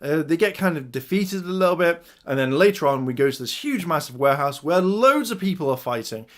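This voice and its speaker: Excited man reviewing a show. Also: on the high side, brisk. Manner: enthusiastic, retells scenes with quoted lines. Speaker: video reviewer. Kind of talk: excited casual episode review.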